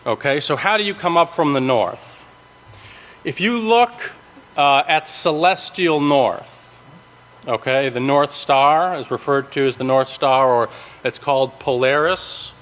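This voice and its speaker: A man giving a sermon, teaching from scripture in a halting way with many ums, restarts and checks of "okay?". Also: medium pitch, fairly bright tone. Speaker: preacher. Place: large worship hall. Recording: long reverb of a large hall.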